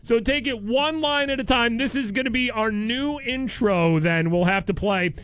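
A man hosting a radio morning show, joking excitably and reading out listener tweets. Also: very high voice, normal speed, no room sound. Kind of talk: casual radio banter.

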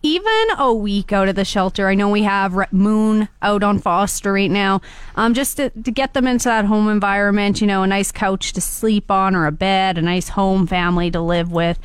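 Bubbly female guest, smooth clear voice, dry studio mic. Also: mid-range voice, normal speed, no echo. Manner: bubbly, chatty, laughs often. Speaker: animal shelter guest. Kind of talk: casual radio interview.

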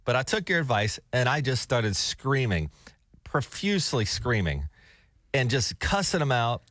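A middle-aged man hosting a radio show, telling stories in an animated, casual way and laughing often. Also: medium pitch, unhurried, dry recording, studio quality. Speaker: radio host. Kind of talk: casual on-air chat. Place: radio studio.

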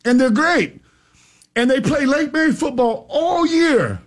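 A man hosting a radio talk show, telling a story in a loud, excitable way. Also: very high voice, unhurried. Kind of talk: casual chat, animated storytelling.

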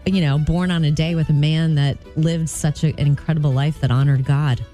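A woman's voice: deep voice, steady tone, a little fast, mellow, faint music behind. A woman co-hosting a Christian morning radio show, reading short news items in a friendly way with light humor into a studio mic. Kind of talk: casual morning show banter. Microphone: studio microphone.

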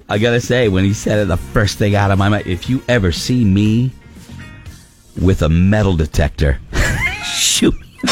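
A man's voice: fairly low pitch, gravelly. A middle-aged man hosting a radio show, bantering casually, joking and laughing often.

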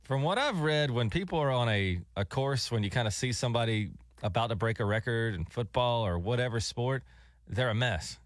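Southern man, co-host, middle pitch, easygoing banter, dry sound. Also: expressive, brisk, no echo. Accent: Southern American. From American South. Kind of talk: casual radio chat.

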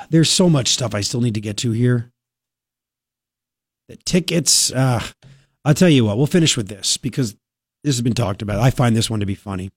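A man's voice: mid-range voice, normal speed, pauses often, dry recording. A man hosting a talk radio show, ranting with sarcastic indignation into a studio microphone.

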